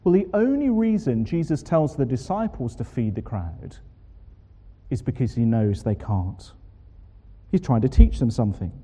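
Dark-voiced preacher in a reverberant hall. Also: male voice, medium pitch, moderate pace. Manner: expressive, rhetorical questions. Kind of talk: sermon.

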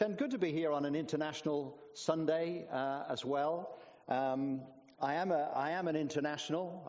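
A man's voice: fairly high pitch, a little mellow. A man in his sixties with a mixed international, partly American accent, a retired pastor giving a chatty, hesitant sermon. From Bolivia. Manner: chatty, hesitant with many fillers. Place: church hall. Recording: dull sound, long church reverb.

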